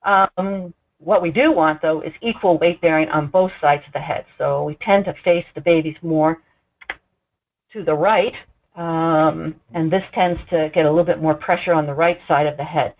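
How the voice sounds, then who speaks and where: A woman giving an educational talk on newborn care, explaining gently and clearly, sometimes slowing to voice a baby's cues. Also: sits low. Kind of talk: recorded educational presentation. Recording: tinny phone-like sound.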